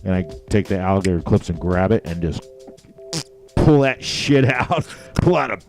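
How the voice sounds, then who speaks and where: A man's voice: low voice, normal speed, faint music behind. A man co-hosting a casual chat show, telling a story with lots of swearing and acting out the voices of the people in it. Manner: animated storyteller, acts out voices of people in his stories; crude, swears freely. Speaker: podcast co-host.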